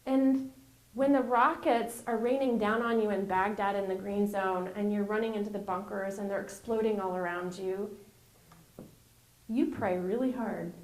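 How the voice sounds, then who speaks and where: A woman's voice: medium pitch, a little mellow. A woman being interviewed, telling her personal story in an earnest, conversational way and laughing often. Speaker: interview guest. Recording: roomy echo.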